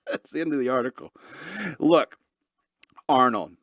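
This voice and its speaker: A man's voice: medium pitch, slow pace, a bit bright, dry recording, clean studio sound. A man hosting a podcast, joking sarcastically through news stories and laughing often mid-sentence. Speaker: podcast host. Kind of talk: casual comedic commentary on news.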